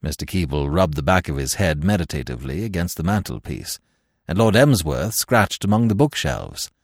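A male narrator reading a classic novel with a gravelly voice that swoops widely in pitch. The recording is dry and close, with no room sound. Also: normal speed, dry recording. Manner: expressive storytelling. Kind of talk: scripted audiobook narration.

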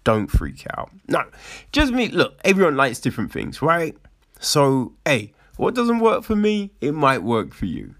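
A man's voice: a little high, wildly swooping pitch, unhurried, fairly bright tone. A man reviewing a TV show in a casual rant, exasperated and profane, often repeating himself for emphasis.

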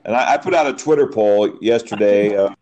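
A man co-hosting a podcast, animated as he tells referee stories and mimics yelling fans. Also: fairly low pitch, a little fast. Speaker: podcast co-host, soccer referee. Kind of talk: casual chat.

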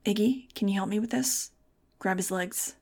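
A woman voicing a calm young man who speaks in a flat, quiet voice. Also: mid-range voice, moderate pace, creaky.

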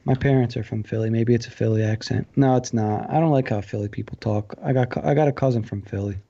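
Gravelly New Jersey guy, lo-fi. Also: mid-range voice, quick pace, mellow. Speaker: podcast co-host. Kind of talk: casual podcast chat. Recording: dull lo-fi sound.

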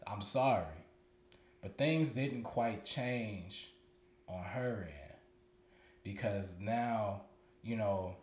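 A man's voice: lowish voice, darkish tone. Roomy-sounding man telling a candid story. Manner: loose, profane, repeats words as he thinks. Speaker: podcast co-host. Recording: roomy echoey room.

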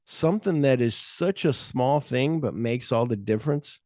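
A man co-hosting a podcast, casually retelling movie scenes with lively energy and jumping into high-pitched voices when he quotes characters. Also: moderate pace, dry recording, clean studio sound. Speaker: podcast co-host.

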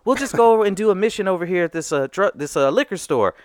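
A man's voice: high-pitched, lively intonation, fast, no room sound, clean studio sound. A man voicing a thirteen-year-old boy gamer who sounds sweet but screams profane threats. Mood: friendly, eager. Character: teenage boy gamer turned foul-mouthed robber.

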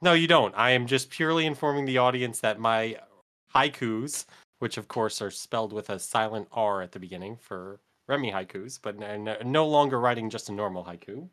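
A man co-hosting a podcast, making mock-formal announcements in a deadpan manner during casual chat. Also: lowish voice, normal speed. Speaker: podcast co-host.

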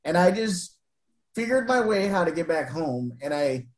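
A man telling an emotional personal story in an interview, earnest and halting, with frequent restarts and soft laughs. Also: a little high, sing-song, low-quality recording. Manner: retells exchanges by voicing both sides.

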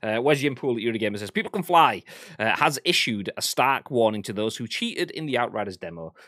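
Young man, podcast co-host, animated pitch, jokey and laughing, dry close mic. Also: a little fast, no echo. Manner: jokey, laughs often, swears casually. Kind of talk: casual chat.

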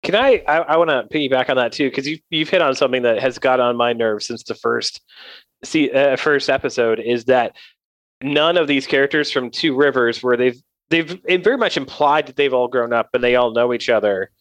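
A man's voice: medium pitch, moderate pace, no echo. A man in his thirties co-hosting a casual chat, ranting with animation. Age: 30s. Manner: animated, mimics others when ranting. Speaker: podcast co-host.

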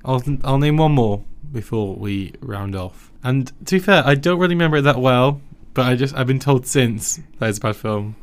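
A man's voice: medium pitch, animated, moderate pace, hardly any pauses, clean tone. Laughing man, teasing film talk. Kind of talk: casual film chat.

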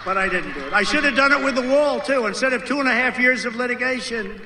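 A man's voice: high voice, expressive, fast, hardly any pauses, pushed and bright, echoey room, a little hiss or hum. A man giving a rally speech, emphatic and repetitive, mocking the people he quotes.

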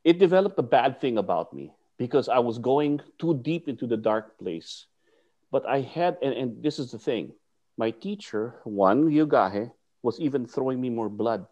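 A man's voice: normal speed, highs cut off. A man, a martial arts teacher, telling a story in conversation and acting out the voices of people he quotes. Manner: lively, acts out quotes with swings in pitch and volume.

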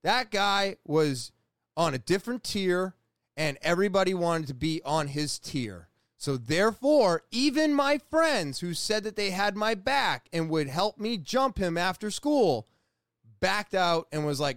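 A man in his forties from New England telling a personal story in a casual, profane, animated way, often restarting his sentences. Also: high-pitched, measured pace, dry recording, clean studio sound. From New England, USA. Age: 40s.

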